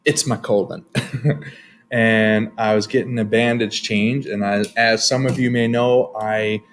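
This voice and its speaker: A man's voice: lowish voice, fairly even intonation, a little slow, a little hiss or hum. A middle-aged man co-hosting a casual talk show, telling loose, profane stories and laughing along. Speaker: co-host. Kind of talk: crude comedic casual chat.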